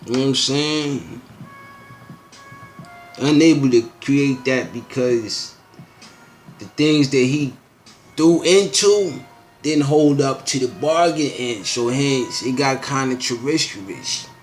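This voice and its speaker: Hosting his own show, a man reads news headlines and riffs on them in casual, rambling commentary that is loose and slangy, full of asides and filler phrases. His medium-pitched voice is slow with long pauses, over soft background music.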